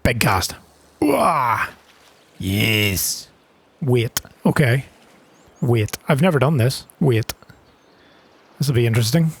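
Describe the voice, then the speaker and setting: A man's voice: medium pitch, a little slow, long pauses, breathy edge. Chatty man playing a game. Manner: chatty, self-deprecating, exclaims with gasps when surprised. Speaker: gaming channel host. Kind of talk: casual gameplay commentary.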